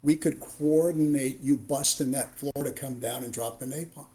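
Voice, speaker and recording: A man's voice: medium pitch, moderate pace, warm tone. A middle-aged man, a retired Marine warrant officer, tells war stories as a podcast guest and acts out the dialogue. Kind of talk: storytelling interview.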